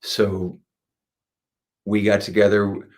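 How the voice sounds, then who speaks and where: Low-voiced man telling rambling stories. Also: slow. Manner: rambling, with frequent restarts and fillers; lively when retelling anecdotes. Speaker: guest musician, singer and guitarist. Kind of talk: casual interview storytelling.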